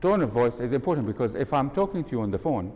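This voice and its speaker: A man's voice: very animated, quick pace, a little mellow. A man giving a live workshop talk, quizzing the audience and demonstrating tones of voice in an event hall. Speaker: workshop speaker. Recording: long hall reverb, faint rumble.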